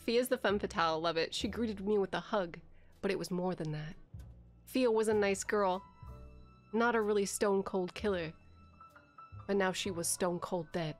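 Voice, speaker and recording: A woman putting on a hardboiled noir detective narrator, delivered deadpan in her own plain voice. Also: mid-range voice, moderate pace, pauses often, faint music behind, lightly acted. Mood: wry.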